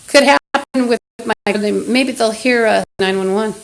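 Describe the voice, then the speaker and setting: A woman's voice: on the high side, unhurried, creaky, hardly any pauses, poor audio. Woman ranting angrily on a live stream. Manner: profane, hostile, berating unseen listeners. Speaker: livestreamer. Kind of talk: angry live-stream rant. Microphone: phone livestream.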